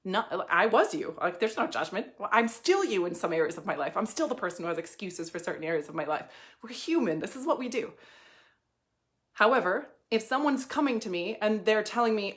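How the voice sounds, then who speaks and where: A woman's voice: mid-range voice, expressive, a little fast. A woman coaching in a casual motivational monologue, emphatic and swearing, laughing at times. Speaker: life and money coach.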